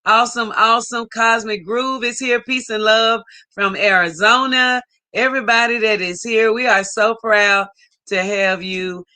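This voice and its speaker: A woman hosting a casual livestream, warmly greeting viewers by name and reading out their chat messages. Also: medium pitch. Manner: warm, effusive greetings, reading out chat names. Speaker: livestream host. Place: home in Ghana.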